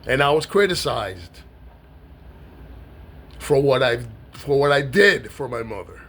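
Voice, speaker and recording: A middle-aged man from New York giving an emotional personal monologue to camera, speaking in a heartfelt, halting way with many pauses and repeated words. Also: mid-range voice, very animated, fairly bright tone. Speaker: vlogger.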